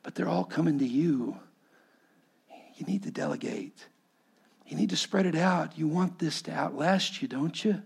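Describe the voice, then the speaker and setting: A man acting out a wise older father-in-law, quiet and fatherly, who gives counsel gently. He speaks softly in a tone kept for a private word. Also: a little high, moderate pace, vocal fry, pauses often, slightly rough, pitched above the performer's own voice. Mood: gentle.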